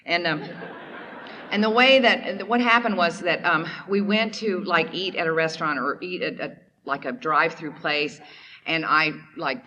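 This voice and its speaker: A woman's voice: sits low, lively intonation, moderate pace, sharp tone, a little hiss or hum, poor audio. A woman from Oklahoma sharing her personal story at a recovery meeting, candid and emotional, with many fillers. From Oklahoma, USA. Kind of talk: personal testimony talk. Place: meeting hall at a recovery convention.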